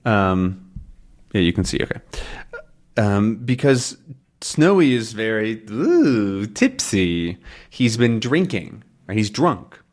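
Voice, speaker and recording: Lively-voiced man teaching English. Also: fairly low pitch, slow pace. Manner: chatty, explaining with fillers. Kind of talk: comprehensible-input lesson, reading a comic aloud.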